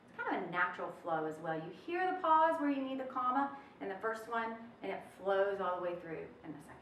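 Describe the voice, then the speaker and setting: A woman teaching a webinar grammar lesson in a lively, folksy manner, drawing out her examples for emphasis. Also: mid-range voice, quick pace, distant mic, slight background noise. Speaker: test prep instructor. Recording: echoey room, off-mic.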